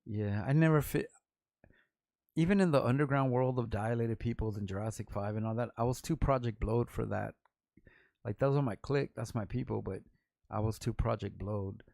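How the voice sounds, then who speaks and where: A middle-aged man from Los Angeles, a rapper hosting his own vlog, telling loose, profane, rambling stories full of quick asides. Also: mid-range voice, gravelly, darkish tone, no echo, studio quality. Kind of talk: casual storytelling to camera.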